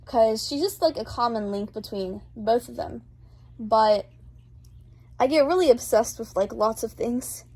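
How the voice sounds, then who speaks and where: A woman's voice: a little high, a little slow, a little mellow. A woman talking chattily over a speedpaint video, bubbly and rambling, with lots of filler words. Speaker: art channel host.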